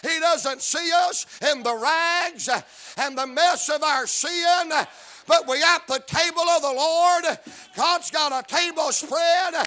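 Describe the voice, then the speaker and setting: High-voiced shouting Southern preacher. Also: male voice, takes it slowly. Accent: South Carolina. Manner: rhythmic, chanting, with whoops and repeated lines. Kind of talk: shouted revival sermon.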